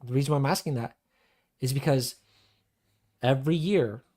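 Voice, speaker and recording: A man's voice: mid-range voice, normal speed. Male podcast host, casual and profane, acts out quotes in bursts. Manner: animated, swearing, acts out quoted voices.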